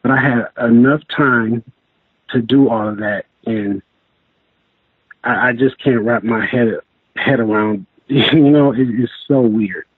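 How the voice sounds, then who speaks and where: A man recounts his story over the phone, his voice slightly husky and squeezed through a thin, tinny line. He talks in a halting, rambling way and often restarts his sentences. The sound is dry and close, with no room around it. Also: medium pitch, no echo. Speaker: guest telling his encounter. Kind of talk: casual storytelling interview.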